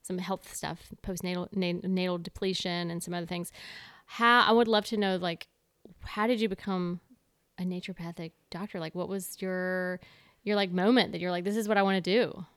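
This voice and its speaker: A woman's voice: on the low side, steady tone, moderate pace, a bit bright, clean tone, dry recording, studio quality. A young adult woman hosting a podcast at her home, talking in a bubbly, casual way with many fillers. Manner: bubbly, lots of "like" and "you know". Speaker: podcast host. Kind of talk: casual interview chat.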